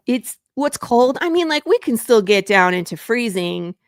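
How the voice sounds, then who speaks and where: Chatty lady hosting a casual talk show, bit of fry in her voice, dry close sound. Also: a little high, big pitch swings, normal speed, dry recording. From Michigan. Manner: chatty, jumps between topics. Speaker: podcast host. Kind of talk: casual chat.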